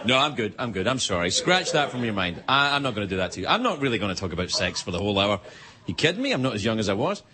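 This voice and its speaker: A man's voice: fairly low pitch, very animated, racing. A Scottish man hosting a late-night show, delivering a teasing comedy monologue in a TV studio. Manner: playful, teasing, joking. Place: TV studio before a live audience. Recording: loud studio audience laughter and noise.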